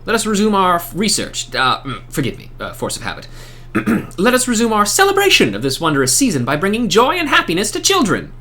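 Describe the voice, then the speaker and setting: A man's voice: sits high, huge pitch swings, a little fast, sharp tone, pitched above the performer's own voice, heavily acted. Man doing a formal, fussy young scholar. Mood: earnest. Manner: formal, old-fashioned phrasing.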